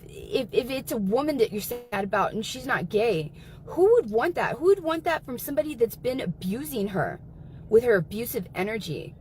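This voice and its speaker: Woman, livestream guest, heated and profane, higher-pitched, some faint noise behind. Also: very animated, moderate pace, a little mellow, poor audio. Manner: angry, profane, emphatic.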